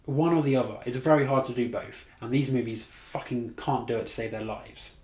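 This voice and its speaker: Male reviewer, casual sweary rant, mid pitch, echoey room. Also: fairly quick, a little mellow. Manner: blunt, sweary, exasperated, laughs at his own mockery. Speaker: movie reviewer. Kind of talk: casual ranting movie review.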